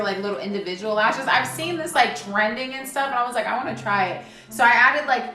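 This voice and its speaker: A woman vlogging casually while doing her makeup and telling a story straight to her viewers. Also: fairly high pitch. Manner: casual and animated, often addressing viewers directly. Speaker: beauty vlogger. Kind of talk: chatty get-ready-with-me storytelling. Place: indoors, doing makeup on camera. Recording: echoey room with faint music behind.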